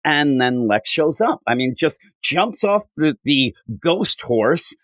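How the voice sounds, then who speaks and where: A man's voice: a little high, no room sound, low-quality recording. A man co-hosting a podcast, reviewing comics in casual chat and acting out characters' lines. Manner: animated, acts out characters' lines in quick voices. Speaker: podcast co-host.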